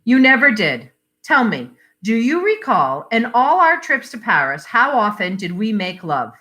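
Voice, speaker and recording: A woman's voice: on the high side, very animated, measured pace, sharp tone, full character voice. A woman reading the part of an impulsive middle-aged husband who speaks in short, insistent phrases. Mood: bitter.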